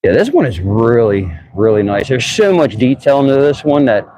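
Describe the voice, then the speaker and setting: A man's voice: mid-range voice, big pitch swings, normal speed, warm tone, low-quality recording. Easygoing man chatting outdoors. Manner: easygoing, chatty, muses aloud. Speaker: vlogger exploring town by bike. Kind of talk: casual narration while riding. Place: outdoors on town streets.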